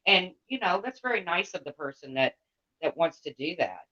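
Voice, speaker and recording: A woman's voice: low voice, very animated, moderate pace, sharp tone. A woman livestreamer ranting to her chat in a blunt, heated, profane way. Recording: dull lo-fi sound.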